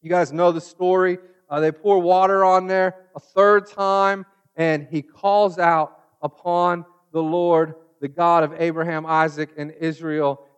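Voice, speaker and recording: A man preaching a sermon, retelling scripture stories, rising loud in the retellings and sinking low and quiet at the close. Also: level tone, unhurried, few pauses, clear, resonant tone, highs cut off. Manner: builds to loud mocking retellings, then drops to a hushed close.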